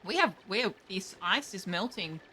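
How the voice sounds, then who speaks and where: A young woman streaming a game, chatting casually and thinking aloud, reacting with quick surprise to what happens. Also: medium pitch, animated, sharp tone, a little hiss or hum. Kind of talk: casual live gameplay commentary.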